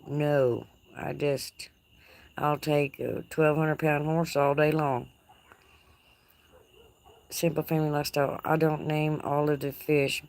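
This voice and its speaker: A woman with a Texas twang chats on a live stream from her front porch, her voice sitting low in its register. She talks in a folksy, teasing way and laughs easily, with crickets chirping faintly behind her. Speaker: livestream host. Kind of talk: casual live chat reading comments. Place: outdoor porch.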